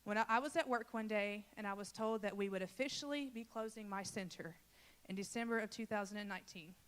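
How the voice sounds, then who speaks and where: A woman's voice: mid-range voice, quick pace. A woman from Louisiana who leads a church children's ministry, giving an earnest and emotional personal testimony and talking straight to the congregation.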